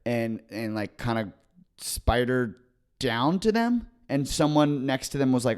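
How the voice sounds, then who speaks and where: A man's voice: medium pitch, sing-song, normal speed, clear, resonant tone. A young man co-hosts a comedy podcast and tells long, rambling stories from his gigs. He circles back with fillers and restarts. When he quotes people, he acts them out. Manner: rambling storyteller who acts out what others said. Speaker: stand-up comedian and podcast co-host. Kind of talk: casual comedy podcast chat.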